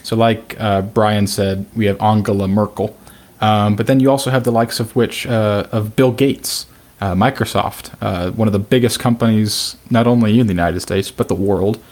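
Relaxed low-voiced man chatting on a podcast. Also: moderate pace. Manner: relaxed, chatty, laughs along. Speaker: podcast co-host. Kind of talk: casual podcast discussion.

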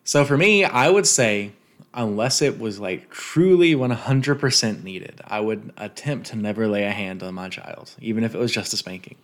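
A man co-hosting a podcast, his voice sitting on the low side. He talks casually but carefully, reflecting and explaining his opinions in a measured way. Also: fairly bright tone. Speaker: podcast co-host. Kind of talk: casual chat.

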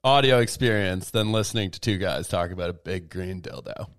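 Speaking fairly quickly in a deep voice, this podcast co-host chats casually into a desk mic at home. His stories wander, and he livens up to imitate whoever he's quoting.

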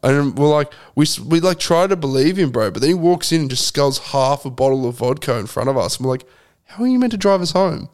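A man's voice: medium pitch, brisk, hardly any pauses, clear, resonant tone. A man co-hosting a podcast, telling a rambling story in casual chat, heavy with fillers and swearing. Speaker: podcast co-host.

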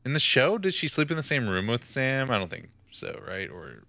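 A man's voice: medium pitch, big pitch swings, moderate pace, gravelly, bright, forceful tone, no echo, lo-fi sound. A young man co-hosting a casual chat, rambling through his retelling with lots of "like" and "um". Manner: rambling, filler-heavy retelling. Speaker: podcast co-host.

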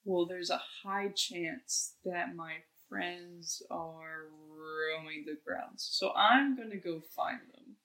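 Bright, playful woman playing a tabletop game. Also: lowish voice. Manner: playful, quick to laugh. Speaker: player. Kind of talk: casual tabletop play.

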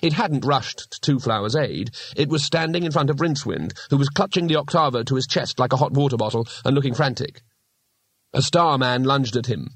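A man's voice: medium pitch, slightly rough, no echo. Man narrating a story, dry and close. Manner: measured, storytelling. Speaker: audiobook narrator. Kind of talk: scripted narration.

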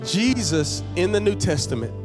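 A pastor preaching in a fairly high voice, repeating key lines and climbing to emphatic peaks before settling back into relaxed, slangy asides. Music plays clearly underneath his sermon. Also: normal speed. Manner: conversational, uses casual slang.

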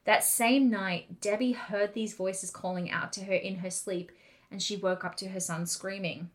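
A woman co-hosting a podcast, telling a haunting story in a casual, animated way with quick asides. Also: mid-range voice. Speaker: podcast co-host.

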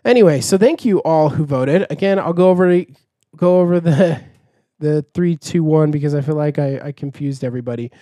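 A man's voice: on the high side, normal speed, mellow, no room sound, studio quality. A young man hosting a podcast, chatting in a rambling, giggly way. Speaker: podcast host. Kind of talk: casual chat.

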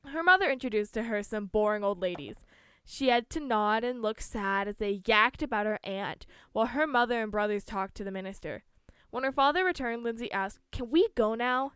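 Lady reading a creepy story out loud, stumbles a bit, dry close sound. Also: mid-range voice, fairly quick, clean tone, no echo. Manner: reads with small slips and restarts. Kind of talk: reading a spooky story aloud.

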